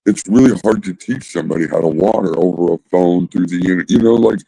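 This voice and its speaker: Deep gravelly laid-back man. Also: fast talker, dark tone, no room sound, rough recording. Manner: laid-back, profane, rambling with fillers. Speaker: host. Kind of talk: casual livestream chat.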